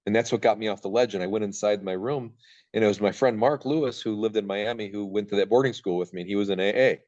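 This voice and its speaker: A man with a low voice rushes through a candid personal story as a podcast guest. He rambles and swears freely. The recording sounds dull and lo-fi. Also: darkish tone.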